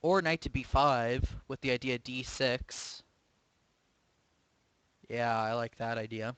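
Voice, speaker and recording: A man's voice: medium pitch, slow, a bit bright, smooth, dry recording, rough recording. Man thinking aloud over a chess game. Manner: thinking aloud, hesitant, self-questioning. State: sleepy, yawning. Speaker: chess streamer. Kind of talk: live game commentary.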